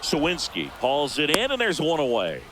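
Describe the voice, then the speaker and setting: Video game baseball play-by-play voice, slightly high and very animated, recorded under steady background noise. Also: male voice, moderate pace. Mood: lively. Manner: crisp, excitable calls of each pitch. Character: energetic male baseball play-by-play announcer. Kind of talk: scripted video game commentary.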